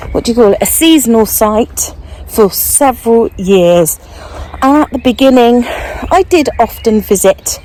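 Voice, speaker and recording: An older woman chatting casually as she walks outdoors, getting out of breath, and thinking aloud in an unhurried way. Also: fairly high pitch, dark tone, slight background noise, poor audio. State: out of breath while walking. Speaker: vlogger. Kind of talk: casual walking vlog. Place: outdoors, walking.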